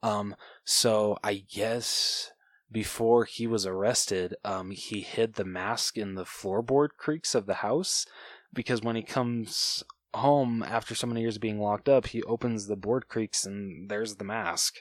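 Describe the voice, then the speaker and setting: A man with a low voice chats casually on a podcast, relaxed and easygoing as he tells the story. The sound is close and dry, with no room echo. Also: a little slow. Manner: laid-back, chatty, laughs often. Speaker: podcast co-host. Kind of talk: casual chat. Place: house at night.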